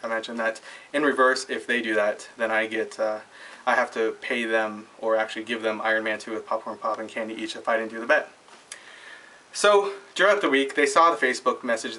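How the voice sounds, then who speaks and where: Excitable young man telling a story. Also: mid-range voice, distant mic, rough recording. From Canada. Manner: excitable, laughs often, acts out friends' lines. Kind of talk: casual storytelling to camera.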